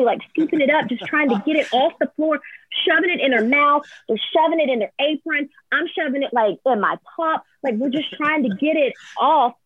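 Animated woman on a tinny line. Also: dry recording. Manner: lively, acts out quotes with sudden high squeals. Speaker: floral designer, guest. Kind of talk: animated storytelling. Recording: tinny phone-like line, dry.

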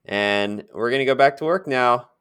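A podcast co-host chats casually in a clear, resonant, mid-range voice with a fairly bright tone, speaking at normal speed. He rambles on and laughs at his own stories.

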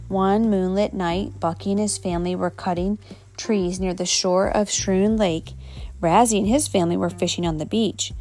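A woman's voice: mid-range voice, darkish tone. A woman reading a children's storybook aloud at home, an unpolished reading with slips and self-corrections. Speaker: reader.

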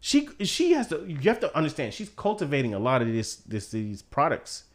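A man's voice: fairly high pitch, a little fast. A man co-hosting a podcast, chatting casually and jokingly about a movie, swearing freely. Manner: profane, joking, animated storyteller. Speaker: podcast co-host. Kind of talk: casual movie-discussion chat.

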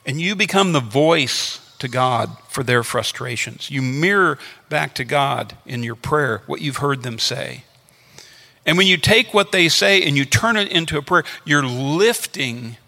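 Bright gravelly male preacher in a hall. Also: a little high. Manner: earnest teaching with repeated phrases. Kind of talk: sermon. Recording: long hall reverb.

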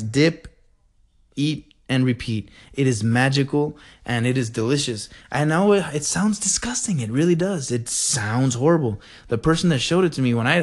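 A man from the El Paso area hosting a podcast, rambling in an animated, digressive way. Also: mid-range voice. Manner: animated, digressive, says "freaking" a lot. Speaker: podcast host. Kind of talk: rambling casual monologue.

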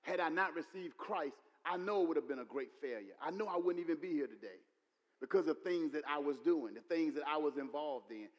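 A man preaching a sermon, repeating his points and building to loud exclamations. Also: on the high side, expressive, brisk, dull audio. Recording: long hall reverb.

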